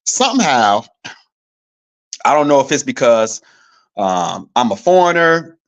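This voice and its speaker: A man hosting a live sports podcast, talking casually, with a slightly rough, coughing throat, pausing with frequent ums and asking viewers for their opinions. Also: mid-range voice, big pitch swings. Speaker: podcast host. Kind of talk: casual live-show commentary. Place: staying abroad in Paris.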